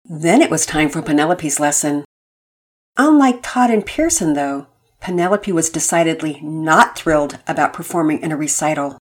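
A woman narrating a children's storybook in a calm, steady reading voice. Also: deep voice, normal speed, slightly rough.

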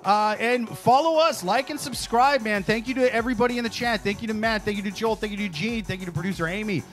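A man hosts a loose comedy chat with a high, sharp, bright voice. He tells stories in an animated, profane rush. Music plays clearly behind him. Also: quick pace. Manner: animated storyteller, swears freely. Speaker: podcast host.

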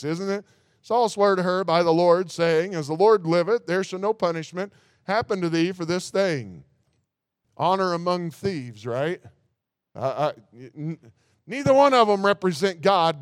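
High, smooth-voiced preacher. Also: male voice, no room sound, clean studio sound. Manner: reads scripture aloud, breaks off with rhetorical asides. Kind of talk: sermon.

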